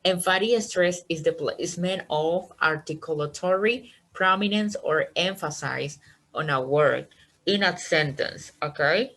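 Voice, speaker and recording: A woman's voice: on the low side, a little slow, fairly bright tone, rough recording. A woman teaching an online English class, encouraging her students and checking understanding with "okay?" after each point.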